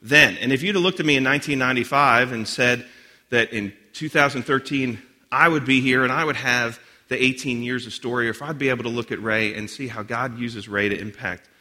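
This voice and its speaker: A man in his forties, appearing as a guest speaker, delivers a sermon built around personal stories, chatty and self-deprecating with plenty of asides and restarts. His medium-pitched voice is brisk, bright, and forceful.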